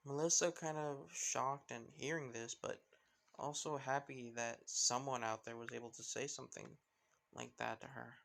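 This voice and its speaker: A man's voice: medium pitch, fairly even intonation, normal speed, creaky, a bit bright. Young guy rambling thru a fan story, lots of like and you know. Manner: rambling, full of fillers. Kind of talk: casual improvised story narration.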